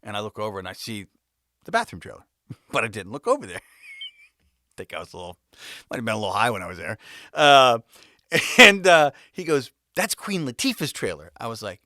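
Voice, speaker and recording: A man's voice: lowish voice, big pitch swings, brisk, long pauses, bright, forceful tone, no echo, clean studio sound. A man, a music video director, telling a personal story in casual style, laughing often and swearing, with bursts and restarts.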